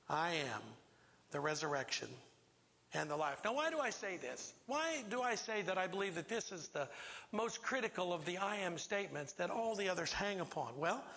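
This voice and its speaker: A man's voice: high voice, sharp tone, long reverb tail. A man preaching a sermon to a congregation, emphatic and quizzing listeners with questions. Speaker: pastor. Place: church sanctuary.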